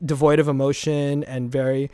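A man's voice: medium pitch, little pitch movement, moderate pace, mellow, clear, resonant tone, no echo, clean studio sound. A young man, a former speech competitor, chatting casually as an interview guest, rambling with restarts and swearing freely.

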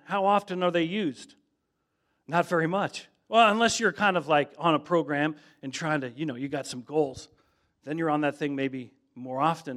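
A man preaching a sermon in a conversational way, telling stories and often saying "man". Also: on the high side. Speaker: pastor.

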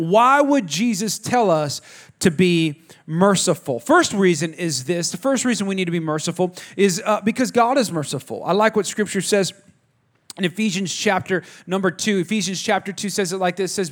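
Pastor guy, high voice, chatty sermon style, keeps talking right to the crowd. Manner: conversational preaching with stories and audience asides.

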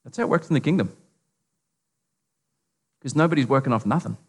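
Expressive, a bit fast, somewhat mellow and husky, this medium-pitched male voice belongs to an Australian pastor. He delivers a casual, humorous sermon of stories and asides in a large hall with long reverb.

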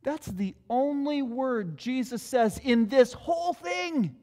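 Man preaching, high voice, lively swooping delivery, long hall reverb, emphatic repetition. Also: slow pace. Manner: conversational, emphatic, repeats key lines. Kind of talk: expository sermon.

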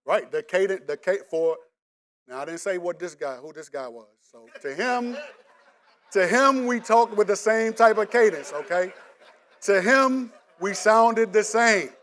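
Middle-aged man from the DC area with a local accent and a fairly high voice; a pastor giving a relaxed, joking sermon. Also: unhurried. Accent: Washington DC area. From Washington DC area. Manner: casual, joking, talks straight to the congregation. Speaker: preacher. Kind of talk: conversational sermon.

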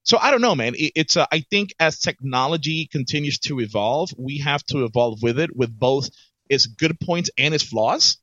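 A man co-hosting a casual podcast chat as an HR professional, animated and repeating his words as he starts each thought. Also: mid-range voice, normal speed, no room sound. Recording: dull, slightly lo-fi dry sound.

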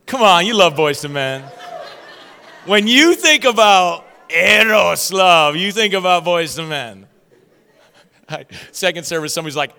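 A man delivers a sermon with a bright, crisp, smooth voice pitched somewhat high. He is playful, teasing the congregation and laughing at his own jokes. His voice carries a long reverb, as if he were in a large church hall. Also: lively intonation, a little slow, long pauses. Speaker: pastor. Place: church sanctuary.

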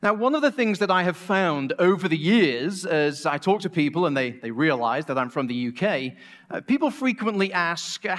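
High-voiced Manchester English preacher. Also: male voice, lively intonation, moderate pace, a bit bright. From England. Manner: conversational and joking, with a few restarts. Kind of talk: sermon.

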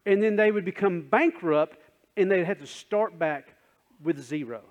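A man's voice: high-pitched, unhurried. A man preaching a sermon in a conversational way, asking the congregation questions and acting out scenes. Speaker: pastor. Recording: dull sound with long hall reverb.

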